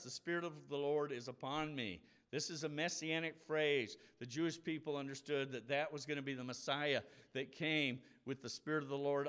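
A man's voice: a little high, a bit bright. A man preaching a conversational Bible lesson, explaining scripture in a casual, explanatory way and acting out the voices of people in the story.

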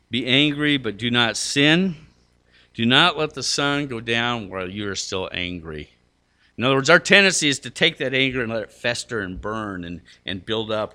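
Man, middle-aged pastor, bright voice, earnest sermon delivery, emphatic rises, conversational fillers. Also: mid-range voice. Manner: earnest, rising to emphatic peaks, with fillers and restarts.

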